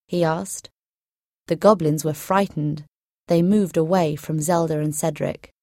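A woman narrating a storybook in a slow, clear, deliberate reading. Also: on the low side, a little mellow, no echo, clean studio sound. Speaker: audiobook narrator.

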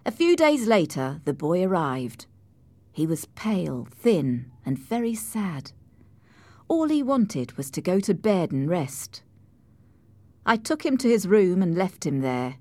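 Woman narrator, slow pace, lively pitch, lower voice, dry close studio sound. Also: no echo. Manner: clear, measured storytelling with expressive pitch. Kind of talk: audiobook narration.

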